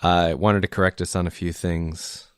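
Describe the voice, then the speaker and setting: A man's voice: deep voice, little pitch movement, moderate pace, clean tone, no echo, studio quality. A man co-hosting a casual podcast chat, easygoing and agreeable, a little tipsy. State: tipsy from drinking. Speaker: podcast co-host.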